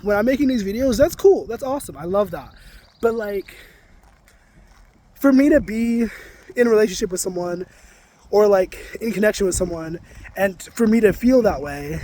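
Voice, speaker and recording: High-voiced man venting to camera. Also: darkish tone. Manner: emphatic, ranting, swears freely; reflective, self-help reminders. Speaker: vlogger. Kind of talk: casual confessional monologue.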